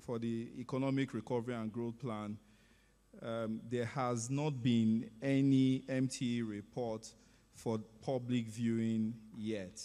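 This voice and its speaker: A man moderates at an unhurried pace, reading questions in a measured voice. Long reverb trails his words through a large conference hall. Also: mid-range voice, a little mellow. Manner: measured, reads out audience questions. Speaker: event moderator.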